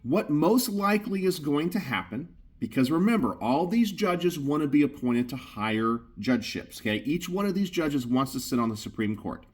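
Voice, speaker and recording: A man's voice: fairly high pitch, big pitch swings, moderate pace, few pauses, breathy edge. A middle-aged man hosting a gun channel, talking casually and emphatically, often tacking on "okay?". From Texas. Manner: emphatic, keeps saying "okay?". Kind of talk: casual commentary.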